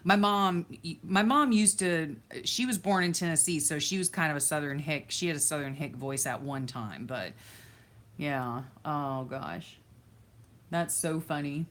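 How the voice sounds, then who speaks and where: A woman's voice: sits low, a little slow, fairly bright tone. A woman from Florida, hosting a live stream and chatting casually with viewers, laughing often. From Florida, USA. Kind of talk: casual chat reading viewer comments.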